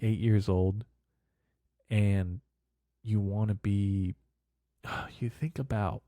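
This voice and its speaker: A man's voice: fairly low pitch, dark tone, dry recording, clean studio sound. A man in his twenties hosting a podcast, rambling casually in a profane, bro-speak manner. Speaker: podcast host.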